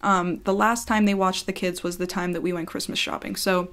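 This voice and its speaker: A woman's voice: fairly low pitch, fairly even intonation, fairly quick, a bit bright. A woman telling a personal story to camera in a casual vlog, chatty and blunt, swearing freely and filling with "like".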